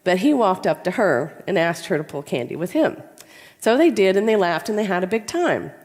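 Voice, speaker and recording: A woman's voice: medium pitch, normal speed, close to an everyday voice. A woman voicing her commanding grandmother in her nineties, telling a folksy story in a Southern accent. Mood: fond. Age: 90s. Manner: folksy, lively porch storytelling. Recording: long reverb in a large hall.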